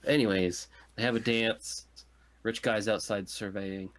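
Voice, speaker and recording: Male podcast co-host, deep low register, sardonic casual movie recap. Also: steady tone. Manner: sardonic, recaps the plot in quick fragments. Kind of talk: casual movie review chat.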